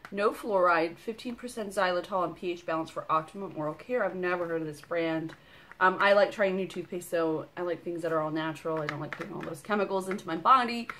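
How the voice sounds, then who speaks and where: A woman's voice: lowish voice, fast talker, fairly bright tone, a little hiss or hum. A woman in her thirties chatting casually as she unboxes products for her vlog, bubbly and full of fillers. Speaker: vlogger.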